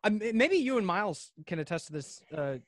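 A man's voice: high voice, sing-song, brisk, no echo. A man chatting as a podcast guest, telling stories in a laid-back, rambling way full of filler words. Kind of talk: casual chat.

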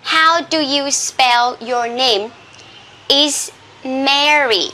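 A woman's voice: high voice, bright, forceful tone, slight background noise. A woman teaching an English lesson, spelling words out letter by letter. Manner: slow, spelling out letters one by one. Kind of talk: classroom lesson. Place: classroom with a board.

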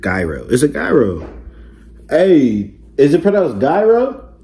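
A man's voice: on the high side, sing-song, slow pace, dark tone, slight background noise. A young man casually chatting to his viewers in a mukbang vlog from his bedroom, joking and boastful, full of loose slang. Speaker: mukbang vlogger. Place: his bedroom lit with colored LED lights.

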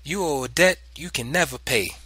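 A man's voice: a little high, moderate pace, husky, no room sound, pitched above the performer's own voice. A man voicing a stern mother who scolds and taunts her young son in a dry, close recording. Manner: sharp, commanding, taunting.

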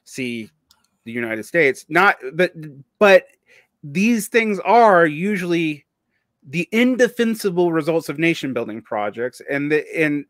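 A man's voice: on the high side, sing-song, measured pace, a bit bright, dry recording, studio quality. Southern man hosting, casual and rambling. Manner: casual and rambling, with many fillers and restarts. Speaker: podcast host. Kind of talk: casual conversational interview.

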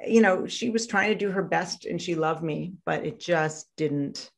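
A woman guest on an interview podcast, telling a painful childhood story in a halting, reflective way with many fillers and restarts. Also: fairly low pitch, creaky. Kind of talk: candid personal storytelling in an interview.

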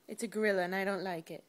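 A woman reading a picture book to her toddler at home, in a playful sing-song baby talk full of animal noises. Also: mid-range voice. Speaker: parent.

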